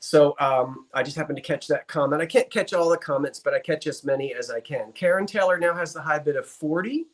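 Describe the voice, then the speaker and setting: A man hosts a live antiques sale online, talking in a chatty, genteel way. His voice sits a bit high, and he drifts into theatrical asides between bids. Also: fairly quick, few pauses. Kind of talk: live auction stream.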